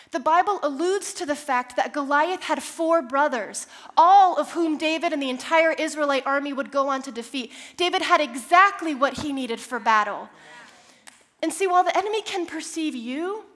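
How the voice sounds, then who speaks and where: High-voiced woman preaching a sermon. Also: a bit bright. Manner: building to impassioned, repeated declarations; storytelling, conversational asides.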